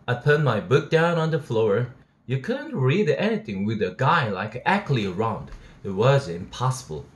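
A man, an English teacher reading a novel aloud steadily and voicing its dialogue. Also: medium pitch. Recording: roomy echo.

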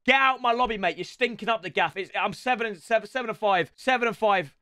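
High-pitched, excitable gamer lad. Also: male voice, fast talker, dry recording, studio quality. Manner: excitable, loud outbursts and cheeky banter. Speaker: streamer. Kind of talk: gaming stream commentary. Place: home room with builders' noise outside. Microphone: headset.

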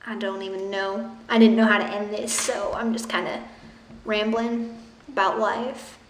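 A woman's voice: mid-range voice, flat delivery, unhurried, slight background noise. A young woman ranting sarcastically and indignantly in a vlog. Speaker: vlogger. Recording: echoey room.

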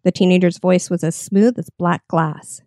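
A woman reading a horror story with measured, expressive narration. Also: fairly low pitch, dry recording, clean studio sound. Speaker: story reader.

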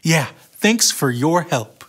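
Lively man narrating a kids' Bible story. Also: a little high, slow, slightly rough. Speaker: storyteller in a children's church show.

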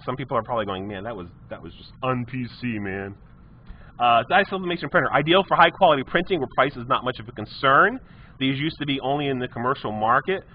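A man, a technology teacher giving a live classroom lecture with chatty storytelling asides to his students. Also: mid-range voice. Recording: muffled lo-fi classroom stream.

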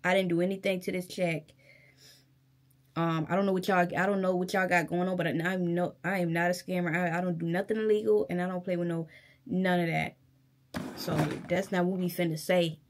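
A woman's voice: fairly low pitch, level tone, a little fast. Heated young woman vlogger ranting. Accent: Virginia. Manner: heated, emphatic, addresses viewers directly as y'all. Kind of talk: casual storytime rant to camera.

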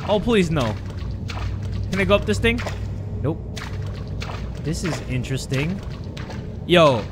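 A young man playing a horror game on video. He narrates it with comic panic, swears a lot and yells when scared. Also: mid-range voice. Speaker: gaming YouTuber. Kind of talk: let's play commentary.

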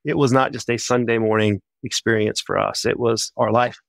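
Man, missionary guest, casual and lively interview storytelling, mid pitch. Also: vocal fry, dry recording. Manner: animated, chatty, quick bursts.

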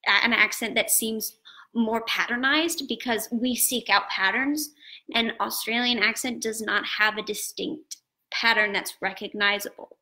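A woman's voice: a little high, steady tone, measured pace, sharp tone, rough recording. A woman guest on a live-stream conversation, speaking earnestly and thinking aloud over a video call.

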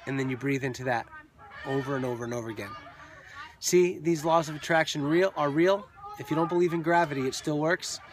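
A man's voice: fairly high pitch, brisk. A man giving casual, upbeat motivational vlog talk as a network marketing coach, loose and chatty with fillers, outdoors on a beach. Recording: outdoor beach crowd noise behind.

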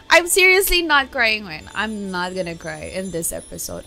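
A woman's voice: mid-range voice, big pitch swings, moderate pace, few pauses, pushed and bright. A young woman hosting an anime reaction video, chatty and emotional, with lots of laughter and fillers. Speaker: anime reaction channel host. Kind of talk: casual reaction commentary. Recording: faint music behind.

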